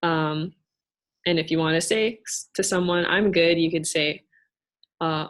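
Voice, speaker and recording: Soft low-voiced young woman explaining. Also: fairly even intonation, a little slow. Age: young adult. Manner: hesitant, thoughtful, explains patiently with fillers. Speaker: student cultural navigator. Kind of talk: casual Q&A answers.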